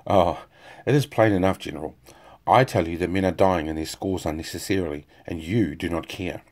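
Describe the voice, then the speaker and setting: A man's voice: deep voice, brisk, a little mellow. Casting: bitter army surgeon, cutting and sarcastic, read by a man. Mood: scornful.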